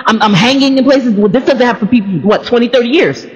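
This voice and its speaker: A man, an artist, telling a personal story in a casual monologue, excitable and repeating phrases for emphasis. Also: very high-pitched, quick pace, big-room sound, lo-fi sound.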